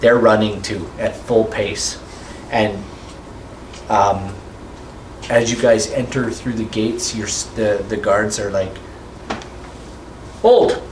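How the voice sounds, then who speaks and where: A man's voice: fairly low pitch, steady tone, takes it slowly, pauses often, slight background noise. A man running a tabletop game as game master, rambling and restarting his descriptions. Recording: echoey room with faint music.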